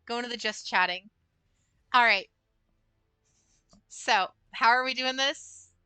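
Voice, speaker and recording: Speaking a little high and taking her time, this young woman streams gameplay and rambles to chat, filling her talk with fillers. The tone is sharp and clean, with no room sound.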